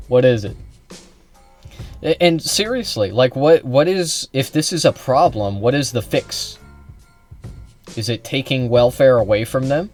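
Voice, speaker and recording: A man's voice: mid-range voice, lively intonation, a little slow, long pauses, a little mellow, soft background music. Sarcastic rambling man, streamer commentary. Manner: sarcastic, rambling, swearing, many restarts. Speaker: reaction streamer.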